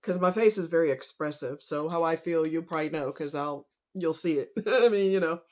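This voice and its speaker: Woman, slightly low voice, emotional unscripted storytelling, rambling with fillers. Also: a little fast, a little mellow. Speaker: vlogger telling a personal story.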